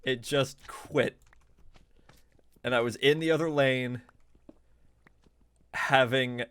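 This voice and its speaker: Male game streamer, medium pitch, casual and chatty, quick to laugh and startle. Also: clean tone, dry recording. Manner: chatty, laughs often, excitable reactions. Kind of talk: casual live gameplay commentary.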